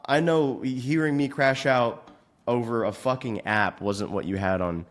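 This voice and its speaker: A man hosting a fitness podcast, giving blunt, profane advice in a casual way and venting at his software. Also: low voice, creaky. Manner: profane, frustrated rants; blunt, rapid instructions. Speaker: fitness coach and podcast host.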